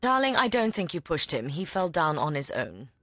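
A woman playing a teasing, caring middle-aged aunt in a dubbed TV drama, with a wry, gently mocking manner. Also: low voice, sing-song, moderate pace, no echo, studio quality, exaggerated voice.

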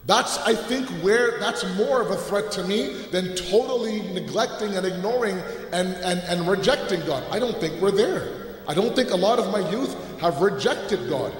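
Man, sermon, loud booming voice, high-pitched, earnest and animated, echoey hall. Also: moderate pace. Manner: earnest and animated, with humorous asides. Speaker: religious lecturer. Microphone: held away from the mouth. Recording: echoey hall with long reverb.

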